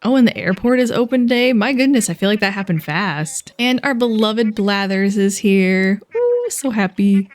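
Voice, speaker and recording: A young woman talking through a video game in a relaxed, chatty way. She gets excited easily and giggles often as she comments on what she sees. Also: medium pitch, normal speed, few pauses. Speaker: gaming vlogger. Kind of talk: casual gameplay commentary.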